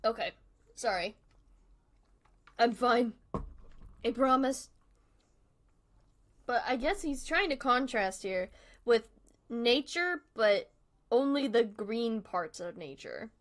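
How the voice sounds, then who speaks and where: A young woman hosting a live stream, softly chatting and rambling in casual commentary as she watches a video, with small laughs, close to a desk mic at home. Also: on the high side, lively intonation, slow pace, pauses often. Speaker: livestream host. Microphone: desk microphone close up.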